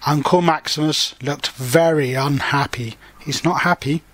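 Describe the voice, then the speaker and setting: Man reading a storybook to learners: slow, patient, plain explanations, slightly high voice. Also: a bit bright, no echo. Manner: slow, simple explanations for children. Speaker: storybook reader and language teacher. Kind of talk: reading a picture book aloud with explanations for learners.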